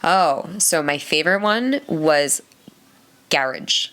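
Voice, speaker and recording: A woman's voice: low voice, lively intonation, fast talker, fairly bright tone. A woman co-hosting a podcast in casual chat, telling stories and acting out other people's lines with frequent laughter. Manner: chatty storyteller, acts out quoted dialogue. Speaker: podcast co-host.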